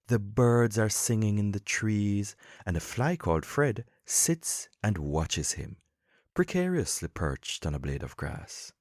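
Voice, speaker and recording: A man with a very deep voice hosts a language-learning podcast lesson. He explains in a calm, measured way, his pitch rising and falling with lively emphasis. The recording is dry and close to the mic. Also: dry recording. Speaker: podcast host and English coach.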